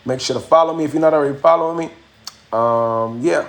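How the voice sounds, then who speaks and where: A man's voice: fairly high pitch, fast, vocal fry. Slangy man telling a story. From Miami, USA. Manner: animated, slangy, repeats phrases for effect. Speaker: livestream host. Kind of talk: casual storytelling on a livestream.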